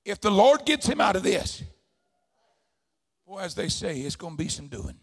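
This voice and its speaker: A man preaching a sermon, swinging between hushed, low storytelling and shouted, fervent declarations. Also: big pitch swings, moderate pace, slightly rough.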